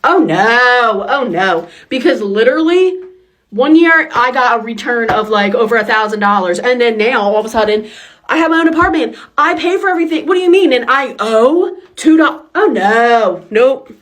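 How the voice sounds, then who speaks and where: A woman's voice: a little high, expressive, moderate pace, fairly bright tone. A young adult woman in a ranting social media clip, indignant and asking the same question over and over.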